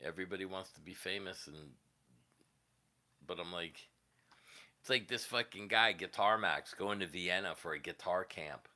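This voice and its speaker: A man's voice: low-pitched, normal speed, pauses often, pushed and bright. A man hosting a casual livestream, telling rambling, profane stories from his years as a musician and laughing at them. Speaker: livestream host, guitarist.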